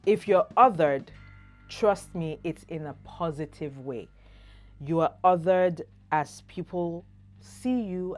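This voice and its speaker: A middle-aged woman with a Nigerian accent, talking casually to camera as an expressive, humorous storyteller. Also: sits low. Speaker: vlogger.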